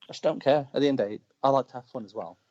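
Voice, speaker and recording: Fast-talking British wrestler, lo-fi sound. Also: male voice, mid-range voice. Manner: animated, shouts quoted lines mid-story. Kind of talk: casual storytelling chat. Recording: dull lo-fi call audio.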